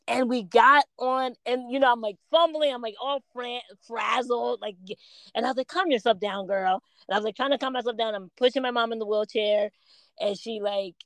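A woman co-hosting a podcast in casual chat, telling stories with lively self-quotes. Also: on the high side, no room sound. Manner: animated storytelling, quotes herself and others. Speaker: podcast co-host.

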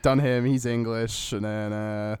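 A man's voice: fairly low pitch, steady tone, measured pace, a little mellow, clear, resonant tone, dry recording, studio quality. A man co-hosting a podcast in casual chat, who talks in a hesitant way, often restarting his sentences and laughing. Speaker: podcast co-host.

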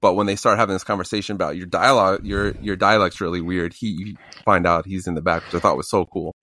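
A man co-hosting a podcast in casual chat, chiming in quickly. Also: deep voice, fairly even intonation, sharp tone. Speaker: podcast co-host.

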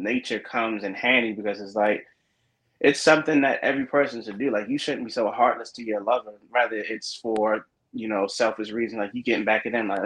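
A man co-hosting a casual podcast chat, telling animated stories with lots of fillers and acted-out quotes. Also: medium pitch, poor audio. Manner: animated storytelling, acting out quoted dialogue, many fillers. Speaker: podcast co-host.

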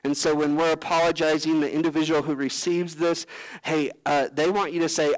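A pastor preaching a sermon, earnest, often acting out prayers and the words of Bible figures. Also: male voice, a little high, flat delivery, a little fast, rough recording.

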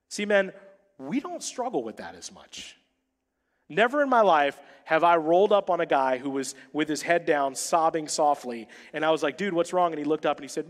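Pastor preaching in an echoing church hall. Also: male voice, a little high, big pitch swings. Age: adult, married. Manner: humorous, punchy delivery with dramatic pauses. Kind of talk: sermon. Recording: long reverb of a church hall.

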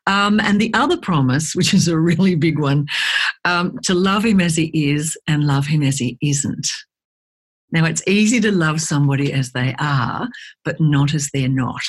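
A woman, a guest speaker chatting in an interview and telling lively stories, acting out the voices of people she quotes. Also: low voice, moderate pace, slightly rough. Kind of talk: conversational interview.

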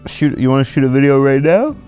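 A man's voice: medium pitch, animated, fast, darkish tone, clean tone, faint music behind. A young man co-hosting a podcast, teasing his partner in casual banter and laughing often. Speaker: podcast co-host.

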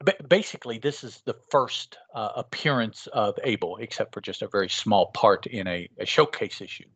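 A man co-hosting a casual podcast, talking in a measured, thoughtful way with halting restarts. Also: on the low side, fairly bright tone, breathy edge, no room sound. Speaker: podcast co-host. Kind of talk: casual chat.

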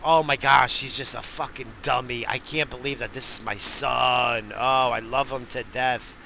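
A middle-aged man from the New York area hosts a podcast, with a gravelly, very bright voice. He rambles through crude, boisterous stories full of profanity. A faint noise sits under the recording. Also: medium pitch, steady tone, a little slow. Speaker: podcast host. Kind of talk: profane casual monologue.

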